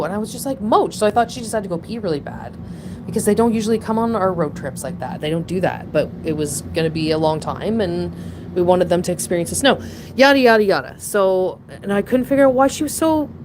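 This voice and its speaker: A woman hosting a casual chat, rambling through a story with frequent laughter and sudden high, emotional bursts. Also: brisk, noisy background. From Ontario, Canada. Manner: rambling, animated, laughs often, breaks into emotional high pitch. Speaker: channel host.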